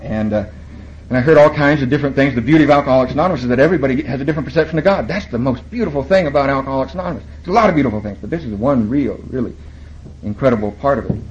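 A man's voice: medium pitch, very fast, a little hiss or hum. A man speaking at a recovery meeting, telling his story in a wry, self-mocking way and acting out what others said. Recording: dull lo-fi room recording, faint ambience.

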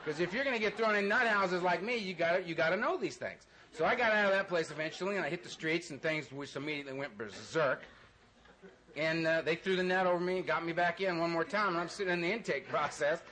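Laughing high-voiced man telling a story. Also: quick pace, pushed and bright. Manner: loose, laughing, self-mocking storyteller acting out voices. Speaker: speaker sharing his recovery story. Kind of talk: storytelling talk to an audience.

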